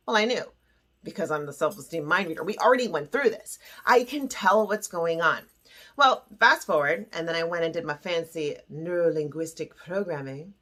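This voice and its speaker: A woman's voice: fairly low pitch, fairly bright tone. A woman hosting a self-esteem lesson, teaching in a playful, theatrical way and acting out little quoted voices. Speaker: self-esteem coach and show host.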